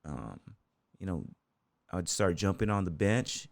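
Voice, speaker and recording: A man's voice: deep voice, expressive, a little slow, vocal fry, no room sound. A man from the United States, a podcast guest telling casual stories in a loose, rambling way, full of fillers like "you know" and "man". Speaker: podcast guest, bull rider and gym owner. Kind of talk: casual storytelling interview.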